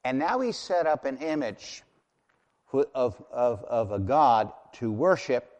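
A man delivers a sermon from the pulpit, his voice in an ordinary middle register. He preaches emphatically, slowing down to stress key words and then rising to loud declarations. A long reverb trails every phrase, as in a large church hall. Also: medium pitch, lively intonation, dull audio. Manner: emphatic, builds to loud declarations, slow spelling. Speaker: pastor.

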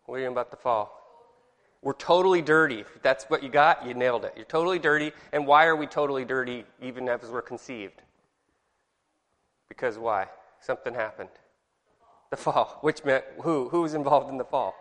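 A man's voice: medium pitch, a little fast, fairly bright tone. A man leading an informal Bible study lesson, chatty and rambling, quizzing his class and correcting himself as he goes. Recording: reverberant hall with long echo.

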